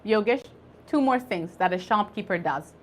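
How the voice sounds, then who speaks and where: Woman, English teacher, patient, drills pronunciation, lively pitch. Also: moderate pace. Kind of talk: online conversation class.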